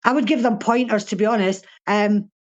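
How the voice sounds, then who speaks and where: A woman's voice: medium pitch, fairly even intonation, moderate pace, dull audio. An older woman with a Fife Scottish accent, a guest chatting bluntly in an interview, swearing freely and laughing often. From Scotland (Fife). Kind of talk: casual interview chat.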